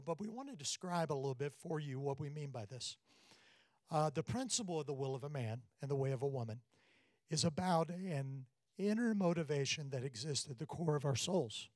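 A man's voice: fairly high pitch, no room sound. A middle-aged man preaching, telling stories from family life and acting out the voices in his anecdotes. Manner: storytelling, animated when quoting. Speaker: pastor. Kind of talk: sermon.

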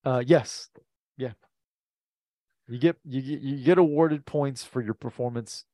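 A man's voice: mid-range voice, measured pace, warm tone, no room sound. A man co-hosting a podcast, speaking hesitantly and searching for words. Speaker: podcast co-host. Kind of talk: casual chat.

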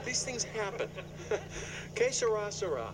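A man's voice: sits high, sing-song, a little slow, a loud crowd. An actor playing an upset father who forces a strained, cheerful front. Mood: forced cheer. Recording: sitcom clip with background noise.

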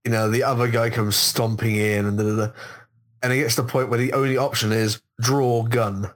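A man co-hosting a casual podcast, relaxed and agreeable, often chiming in with short remarks. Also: mid-range voice, brisk. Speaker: podcast co-host. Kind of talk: casual chat. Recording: audio taken from a live stream.

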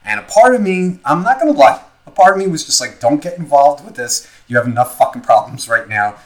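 A man's voice: on the high side, big pitch swings, fairly quick, low-quality recording. A young man co-hosting a casual podcast, telling a story loosely and profanely with lots of filler words. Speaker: podcast co-host.

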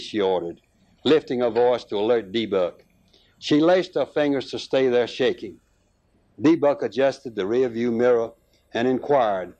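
A man reading a rural tale aloud as narrator, unhurried, with small restarts and fillers. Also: medium pitch, expressive, a little mellow.

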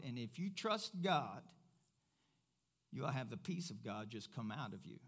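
A man preaching a sermon as pastor, first loud and emphatic, then quieter and conversational. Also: medium pitch, sing-song, a little slow, pauses often, breathy edge.

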